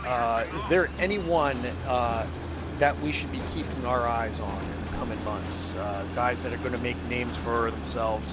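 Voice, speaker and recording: A man hosting an interview, asking halting questions full of fillers. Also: mid-range voice, very noisy. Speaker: interviewer host.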